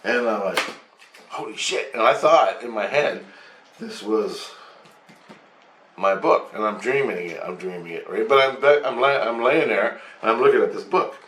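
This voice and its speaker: A man's voice: on the low side, animated, normal speed, fairly bright tone. A man telling a story in a rambling, repetitive way, with swearing. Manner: rambling, repeats himself, swears. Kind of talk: casual storytelling to camera. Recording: roomy, distant from the mic.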